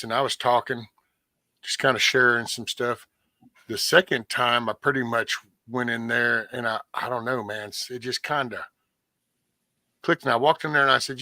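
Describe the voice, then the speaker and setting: A man's voice: mid-range voice, normal speed, dry recording. A man hosting a casual talk, telling a story with energy, acting out other voices and swearing freely. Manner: animated storyteller, acts out quoted voices, swears. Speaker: podcast host.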